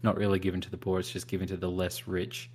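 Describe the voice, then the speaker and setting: A man's voice: low-pitched, completely flat delivery, fast talker, darkish tone. A man co-hosting a podcast, rambling and thinking aloud in casual chat. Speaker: podcast co-host.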